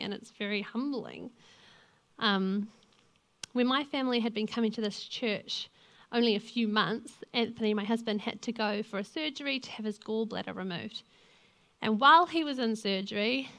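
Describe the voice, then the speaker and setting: A woman's voice: fairly high pitch, fairly bright tone. A young woman gives a sermon as a lay preacher, speaking in an earnest, conversational way and weaving in personal stories. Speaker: lay preacher and youth leader.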